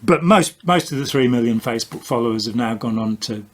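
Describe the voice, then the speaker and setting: A man's voice: medium pitch, lively intonation, brisk. An older man, an author and commentator, explaining ideas in a casual conversational debunking with dry, wry jokes.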